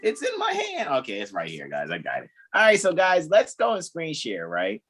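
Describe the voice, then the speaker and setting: A man's voice: fairly low pitch, huge pitch swings, a little fast, a bit bright, slightly rough, soft background music. A man hosting a casual group video call, joking around, laughing often and drifting into rambling asides. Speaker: host.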